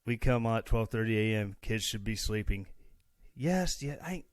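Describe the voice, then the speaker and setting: A man's voice: on the low side, expressive, moderate pace, dry recording, clean studio sound. A man from Missouri hosting a casual podcast, chatty and sarcastic with a self-mocking streak. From Missouri, USA. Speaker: podcast host. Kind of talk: casual solo podcast commentary.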